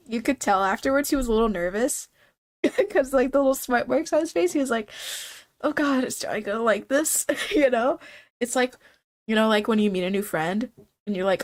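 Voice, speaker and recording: A woman's voice: a little high, animated, brisk. A young woman with a stuffy, congested voice chats casually on her stream. She rambles loosely and laughs often as she talks.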